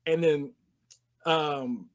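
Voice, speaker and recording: A man's voice: on the high side, fairly even intonation, drawn-out words. A man co-hosting a podcast, animatedly retelling a film scene by scene with sound effects and laughter. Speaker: podcast co-host. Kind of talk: casual movie recap chat.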